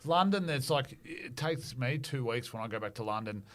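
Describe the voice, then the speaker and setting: A man's voice: mid-range voice, animated, normal speed, fairly bright tone. A man, a comedian guest on a podcast, talking casually and hedging with lots of fillers. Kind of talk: casual chat.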